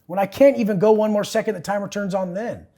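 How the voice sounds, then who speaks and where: A young man as an interview guest, talking bluntly and forcefully with a lot of swearing in an intense motivational way. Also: high voice, quick pace.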